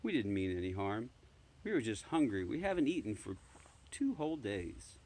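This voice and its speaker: A man's voice: on the low side, sing-song, normal speed, darkish tone, a little hiss or hum. A man doing a stammering, scared little boy. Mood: pleading. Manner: stammering, pleading.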